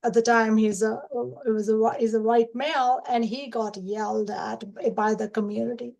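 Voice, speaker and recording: A woman's voice: a little high, level tone, moderate pace, creaky, darkish tone, lo-fi sound. A woman on a discussion panel, speaking thoughtfully with frequent hesitations.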